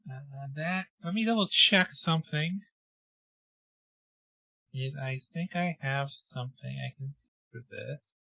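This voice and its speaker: A man's voice: medium pitch, slow pace, creaky, long pauses, bright, forceful tone, no room sound. Hesitant man on a dull lo-fi mic. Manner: hesitant, thinks aloud. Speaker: player. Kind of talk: casual tabletop play.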